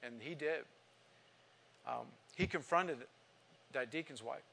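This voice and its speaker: A man's voice: mid-range voice, slow, vocal fry, pushed and bright. A male pastor preaching a sermon, telling a personal story with emotion and building to emphatic exhortation. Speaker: visiting pastor.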